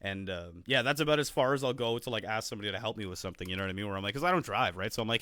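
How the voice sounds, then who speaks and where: A man's voice: fairly low pitch, lively intonation, very fast, hardly any pauses, bright, forceful tone, no room sound. A man co-hosting a podcast in casual chat, rambling and swearing, with lots of fillers. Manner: rambling, profane, full of fillers. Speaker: podcast co-host.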